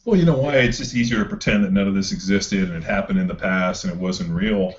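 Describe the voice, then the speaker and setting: An earnest man with a very low, deep voice, reflecting in casual podcast talk. The sound is dull and lo-fi. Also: fast, slight background noise. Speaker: podcast co-host. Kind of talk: casual conversation.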